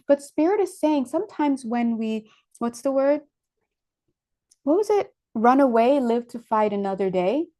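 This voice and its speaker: A woman giving a casual spiritual tarot reading, rambling and correcting herself as she goes, with lively asides. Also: medium pitch. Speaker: spiritual reader.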